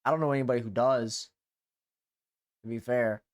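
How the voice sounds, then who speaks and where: A man hosting a casual live stream as a VTuber, talking in loose, rambling chat. He swears freely and drifts from thought to thought in a mid-pitched voice. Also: steady tone, moderate pace.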